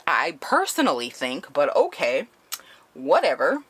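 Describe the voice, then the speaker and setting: A woman's voice: sits low, wildly swooping pitch, unhurried, a bit bright, husky. A woman giving a casual spoken book review, retelling the plot bluntly and swearing often.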